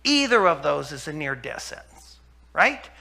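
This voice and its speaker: A man's voice: on the high side, very animated, a little slow, vocal fry, bright, forceful tone. A middle-aged man giving a health talk, telling patient stories and quoting scripture with urgent emphasis. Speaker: health speaker.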